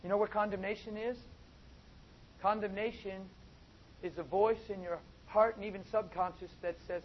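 High-voiced preacher, dull lo-fi recording. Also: male voice, steady tone. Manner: shifts between soft asides and loud emphatic preaching; drawn-out emphatic phrasing. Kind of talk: sermon. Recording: dull, lo-fi with faint noise.

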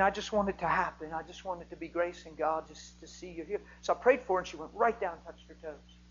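Animated preacher man, muffled recording. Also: high-pitched, husky. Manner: animated, rises to near-shouting when excited. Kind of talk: sermon with storytelling.

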